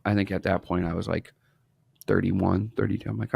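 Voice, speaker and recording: Man in his thirties from Wisconsin, podcast guest; gravelly, dry close sound, lively storyteller who plays out the dialogue. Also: deep voice, fast talker, no room sound. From Wisconsin, USA. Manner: animated storyteller, acts out quoted dialogue. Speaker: podcast guest, asphalt business owner. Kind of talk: casual interview storytelling.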